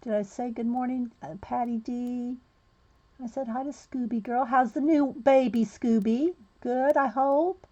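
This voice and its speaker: A woman's voice: on the high side, fairly even intonation, unhurried, dark tone, dull audio. A woman hosting a crafting livestream, chatting casually and greeting viewers by name while she cuts and sorts art cards. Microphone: camera mic set low on the desk.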